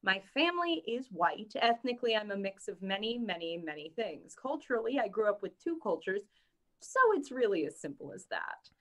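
A woman co-hosting a casual podcast, reading out topics and chatting in an animated, joking way. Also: medium pitch, moderate pace. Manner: animated and joking, mimicking others. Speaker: co-host reading the news topics.

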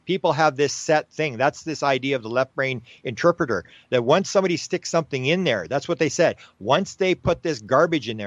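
A man guest in an interview, talking in a casual, animated way with frequent fillers and restarts. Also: medium pitch, no room sound, muffled recording. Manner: animated, repeats himself, many fillers and restarts. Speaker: podcast guest.

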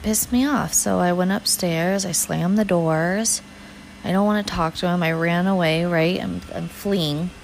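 A woman candidly recounting a frustrating day, swearing now and then and pausing with fillers and restarts. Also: fairly low pitch, fairly even intonation, vocal fry, slight background noise, rough recording. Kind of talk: personal storytime vlog.

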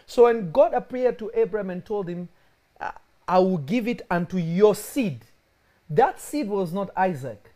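A young male pastor delivers a lively sermon with a warm, mellow voice. He keeps it conversational and slips into other people's voices when he tells stories. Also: high-pitched, unhurried. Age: young adult. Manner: animated preaching, acting out quoted voices.

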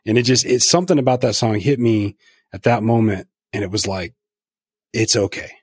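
A man's voice: medium pitch, fairly quick, husky, no room sound, studio quality. A middle-aged man hosting a podcast, talking frankly and reflectively, swearing freely as he opens up in conversation. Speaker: podcast host. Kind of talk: candid conversational interview.

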